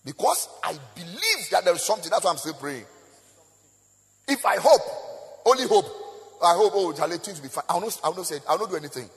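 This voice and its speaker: A man preaching a sermon, chanting in a sing-song voice, rising to shouts, asking the crowd call-and-response questions and breaking into tongues. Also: high voice, very animated, quick pace, breathy edge. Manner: bursts of praying in tongues. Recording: echoey hall with faint music.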